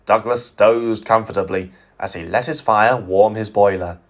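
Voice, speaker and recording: A man narrating a fan-made storybook tale in an expressive storytelling voice. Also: on the low side, moderate pace.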